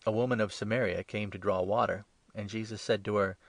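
A man reads scripture aloud in a steady, measured and solemn way. His voice sits low and carries a gravelly, creaky edge. The sound is dry and close, with no room around it. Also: dry recording. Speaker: scripture reader. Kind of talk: scripted Bible reading.

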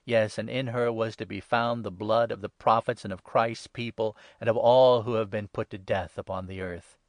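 A man giving a measured, solemn scripted Bible reading, lifting his voice for the quoted cries. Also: fairly low pitch, steady tone, no echo. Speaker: scripture reader.

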